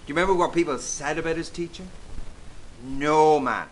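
A man preaching a sermon, emphatic and deliberate, repeating key phrases for weight. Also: fairly high pitch, fairly even intonation, a bit bright, a little hiss or hum.

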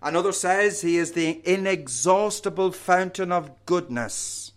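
A man preaching a sermon, reading scripture and explaining it in slow, deliberate phrases that fall away at the ends. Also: high-pitched.

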